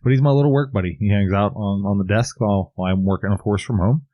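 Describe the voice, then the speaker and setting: A man's voice: fairly low pitch, fast, no echo, lo-fi sound. A man co-hosting a casual podcast, chatting in an easygoing way. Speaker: podcast co-host. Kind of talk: casual chat.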